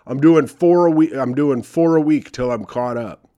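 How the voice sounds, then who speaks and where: A man's voice: on the high side, normal speed, warm tone, highs cut off. A young man reading advice letters aloud and ranting about them with sarcastic, profane commentary. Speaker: comedy podcast host reading advice columns.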